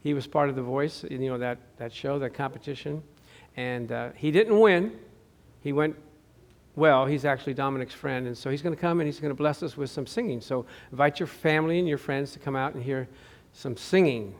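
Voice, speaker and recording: A man's voice: mid-range voice, fairly quick. A man preaching a sermon as pastor, telling stories with acted-out quotes and putting questions to the congregation. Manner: lively storytelling with acted-out quotes, asks the audience questions.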